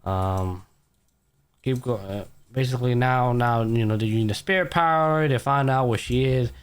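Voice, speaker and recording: A man's voice: mid-range voice, moderate pace, clear, resonant tone. A man hosting a podcast, casually retelling an anime episode in a loose, profane way full of fillers. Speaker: podcast host. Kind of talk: casual anime recap chat.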